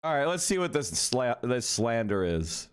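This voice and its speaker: A man's voice: mid-range voice, big pitch swings, moderate pace, clean tone. A man talking casually to his live-stream chat, joking and rambling with the odd swear word. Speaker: livestreamer.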